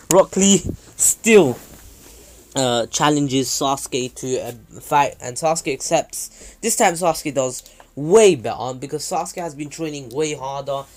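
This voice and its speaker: Rambling man retelling a fan story. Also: medium pitch. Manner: rambling, many fillers and restarts, jokey asides. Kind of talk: casual fan-fiction retelling.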